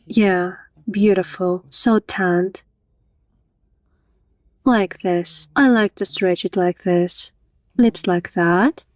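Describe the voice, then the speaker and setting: A woman's voice: medium pitch, a little mellow, no room sound. A woman in a dubbed casual conversation during a makeup session, talking in short, chatty questions and replies. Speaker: vlogger reviewing a makeup artist.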